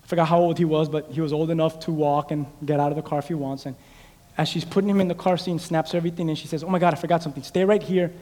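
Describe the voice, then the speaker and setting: A man preaching, his voice pitched high for a man. He calls out to the congregation, then drops low to tell a story. The sound rings with the long reverb of a big church hall. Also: fairly even intonation, very fast. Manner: call-and-response preaching, swinging from shouted exhortation to hushed storytelling. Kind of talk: sermon.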